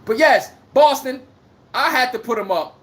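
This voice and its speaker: A woman's voice: sits high, animated, normal speed, echoey room. A woman hosting a casual sports livestream, ranting, trash-talking and reading out chat comments. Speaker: livestream host.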